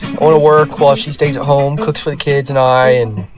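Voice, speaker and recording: A man's voice: medium pitch, brisk. A young man telling a story casually on a live stream, acting out the people in it. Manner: animated, quotes people in voices. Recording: loud guitar playing behind.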